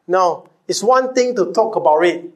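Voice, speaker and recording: High-voiced preaching man, rhetorical questions. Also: expressive, moderate pace. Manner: rhetorical questions and call-and-response with the congregation; repeats key phrases for emphasis. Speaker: pastor. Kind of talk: sermon.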